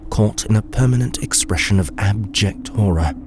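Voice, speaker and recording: A man narrating a dark fantasy story in a slow, measured way. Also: lowish voice. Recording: steady cricket and insect noise.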